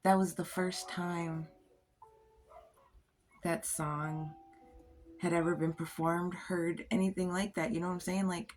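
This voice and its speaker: A woman's voice: lowish voice, level tone, a little slow, long pauses, a little mellow, faint music behind. A woman host telling stories in a casual chat. She giggles often, swears freely and drops into whispers now and then. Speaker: poet and podcast host.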